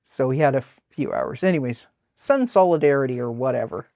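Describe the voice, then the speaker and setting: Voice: medium pitch, animated, a little fast, creaky, a little mellow, no room sound. A webcomic artist casually narrating a sketchbook tour, talking in a rambling, chatty way with many fillers.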